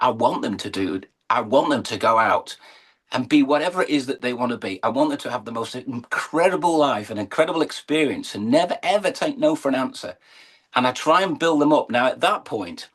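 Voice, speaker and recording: A man's voice: mid-range voice, fairly bright tone, breathy edge. A middle-aged English man, a horse and falcon showman, telling his story in an earnest, emotional interview. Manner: earnest, emotional, building to uplifting emphasis.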